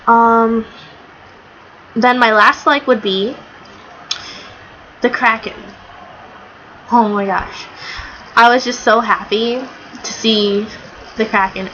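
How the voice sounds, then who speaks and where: A woman's voice: fairly high pitch, pushed and bright, a little hiss or hum. Gushing, chatty woman on lo-fi audio. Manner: chatty, gushing, rambling with fillers and quoted lines. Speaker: anime reviewer. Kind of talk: casual video review.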